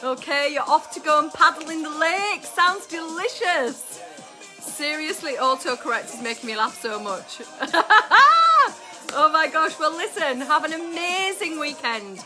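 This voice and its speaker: A woman's voice: high voice, normal speed, sharp tone. A woman hosting a casual live stream with viewers, exuberant and swearing freely as she chats. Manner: exuberant, swears freely, sings along to music. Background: music playing.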